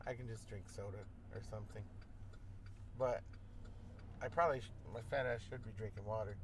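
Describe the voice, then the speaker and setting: A young man in casual chat, animated and swearing freely, peppering his talk with "like", recorded inside a car. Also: fairly low pitch, fairly quick, over a noisy crowd, rough recording. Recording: car road noise behind.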